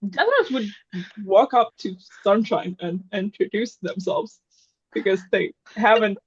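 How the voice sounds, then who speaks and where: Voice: medium pitch, unhurried, husky, no room sound. A tabletop game player describes a character's moves and keeps dissolving into giggles. The audio is dull and lo-fi, recorded dry. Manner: giggly, self-mocking. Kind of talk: casual tabletop game chat.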